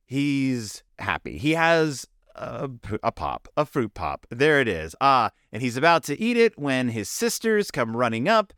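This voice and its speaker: Animated, rambling man with wry asides. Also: medium pitch, unhurried, hardly any pauses, no echo, studio quality. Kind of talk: comic book review commentary.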